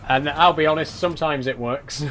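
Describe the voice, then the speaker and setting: A man's voice: fairly high pitch, fairly bright tone, slight background noise. Chatty young South Yorkshire man streaming. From South Yorkshire, England. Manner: chatty, reads chat aloud, laughs often, swears. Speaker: game streamer. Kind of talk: casual live-stream chat while gaming.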